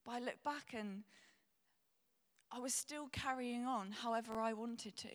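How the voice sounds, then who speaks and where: A woman's voice: a little high, a little slow. A young woman preaching a sermon, earnest and candid, tearful as she speaks. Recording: long hall reverb.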